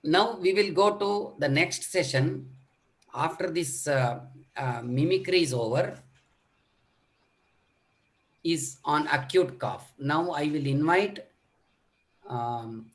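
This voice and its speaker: A middle-aged man lecturing on children's coughs in an online medical workshop, demonstrating coughs and talking with many fillers. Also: on the high side. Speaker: pediatric lecturer.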